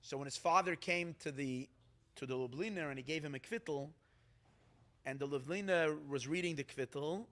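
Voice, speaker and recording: A man, a rabbi, telling stories at a gathering in an animated, halting way, with many restarts. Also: on the high side. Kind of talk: storytelling talk.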